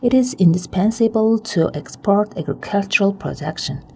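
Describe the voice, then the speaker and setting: A woman reading an official's translated statement as a news voice-over, in a plain, steady way. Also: medium pitch, moderate pace, vocal fry, breathy edge.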